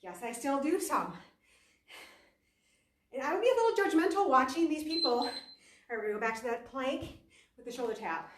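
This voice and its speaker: A woman's voice: high voice, very animated, a little fast, long pauses, noisy background. A woman fitness instructor leading a workout class, chatty and self-deprecating, talking while she exercises and at times out of breath. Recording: echoey room, voice from a distance.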